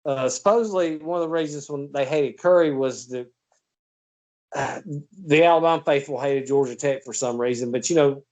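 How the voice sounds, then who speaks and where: A man's voice: mid-range voice, moderate pace, a little mellow. A man hosting a casual football chat, telling long stories full of fillers and restarts. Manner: rambling storyteller with many fillers. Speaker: podcast host.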